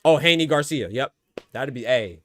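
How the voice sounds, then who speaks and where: A man's voice: medium pitch, expressive, normal speed, a bit bright. A man hosting a boxing podcast, giving loose, slangy live fight commentary and talking to his chat.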